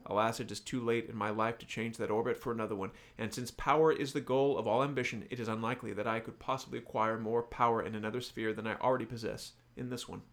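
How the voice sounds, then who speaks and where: A man's voice: mid-range voice, steady tone, fast, few pauses, fairly bright tone, close to an everyday voice. A man doing a dramatic reading of a suave villainous male crime lord, in a mock Italian accent. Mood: languid, grandiose. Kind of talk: dramatic reading of a novel passage.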